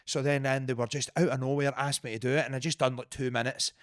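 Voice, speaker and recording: A young Scottish man co-hosting a podcast, telling stories in an animated, sweary way. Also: mid-range voice, no echo, clean studio sound. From Scotland. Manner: animated storyteller, sweary, quick to put on voices. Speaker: podcast co-host. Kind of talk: casual chat.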